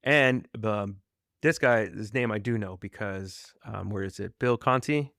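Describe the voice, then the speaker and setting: A man's voice: on the low side, measured pace, gravelly, fairly bright tone, no room sound. Man, podcast host, casual video-call chat, laughs a lot, dry close sound. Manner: chatty, laughs often, hums along and quotes lines. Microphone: video call mic.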